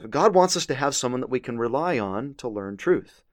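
A man's voice: medium pitch, lively intonation, moderate pace, hardly any pauses, dry recording, studio quality. Earnest man teaching scripture. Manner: earnest, emphatic reading of scripture. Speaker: religious teacher. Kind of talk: scripture lesson commentary.

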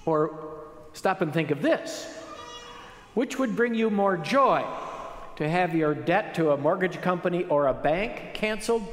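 Pastor, male, high voice, emphatic sermon delivery, church hall with long reverb. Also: a little slow. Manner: animated preaching with rising emphatic phrases.

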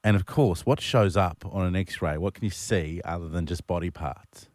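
A man's voice: low-pitched, moderate pace, no echo. A man in his forties with an Australian accent, co-hosting a radio show with sarcastic, ranting humour from a studio microphone. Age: 40s. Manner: animated, sarcastic, ranting jokes. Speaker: radio co-host. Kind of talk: banter on breakfast-style radio.

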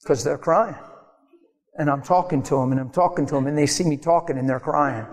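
A male preacher with a somewhat high voice, telling his stories animatedly and laughing often as he goes. His voice carries the long reverb of a large hall, and he acts out the voices of the people he quotes. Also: steady tone, a little fast. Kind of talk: sermon with storytelling.

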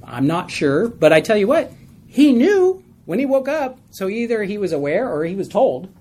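A man's voice: sits high, sing-song, normal speed, darkish tone. A man teaching a Bible study in a conversational way, asking his group questions and telling stories with a laugh.

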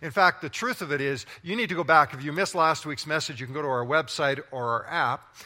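Bright-voiced male pastor in a hall. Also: fairly high pitch, brisk. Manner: animated, playful, talks directly to the congregation. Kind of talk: sermon. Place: large church auditorium.

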